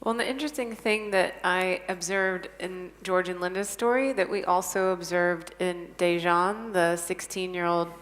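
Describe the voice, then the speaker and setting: A woman's voice: on the low side, normal speed, hardly any pauses, a bit bright. A woman telling a story at a conference panel, earnest and enthusiastic, with emphatic stresses. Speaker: conference speaker. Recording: long reverb of a conference hall.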